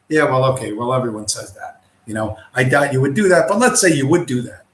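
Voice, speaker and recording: A man's voice: mid-range voice, animated, brisk, hardly any pauses, a bit bright. A man hosting a livestream, ranting in a profane, scornful and combative way. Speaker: livestream host. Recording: roomy echo.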